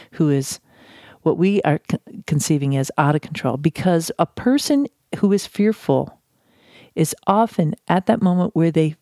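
A woman with a lowish, mellow voice speaks about conflict in a calm, measured way. She pauses often, repeats phrases for emphasis and slips in a little self-deprecating humor. The sound is dry and close. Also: no echo. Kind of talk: talk on civility.

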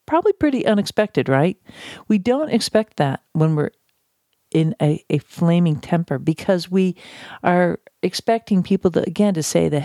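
A woman giving a measured, reflective talk on handling conflict, pausing often and repeating phrases for emphasis. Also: lowish voice, lively intonation, mellow, no echo, clean studio sound. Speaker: speaker on conflict de-escalation. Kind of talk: talk on civility.

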